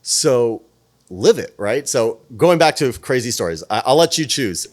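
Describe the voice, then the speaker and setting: A man who is a guest on a podcast, telling stories in a casual, animated way, swearing freely and acting out the dialogue. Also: medium pitch, measured pace. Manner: animated, profane, plays out dialogue. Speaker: podcast guest, PR firm president. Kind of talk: casual storytelling.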